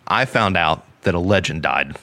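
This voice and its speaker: A man's voice: low voice, lively intonation, normal speed, gravelly, pushed and bright, dry recording. A man co-hosting a casual podcast, earnest and emphatic, swearing for emphasis. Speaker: podcast co-host.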